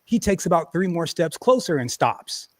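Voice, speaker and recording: A man casually telling a profane story on a podcast, animated and acting out quotes loudly. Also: a little high, moderate pace, dry recording. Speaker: podcast host.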